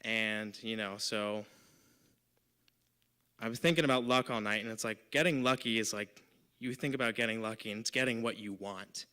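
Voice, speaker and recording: A man's voice: on the low side, steady tone, moderate pace, sharp tone, clean tone. A man in his twenties telling a personal story live on stage, talking casually with lots of "like" and "you know". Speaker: volunteer storyteller.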